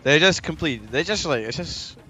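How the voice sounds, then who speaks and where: A young Scottish man chatting on a live gaming stream, excitable and swearing freely, often breaking into laughter. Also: a little high, moderate pace. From Scotland. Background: faint music.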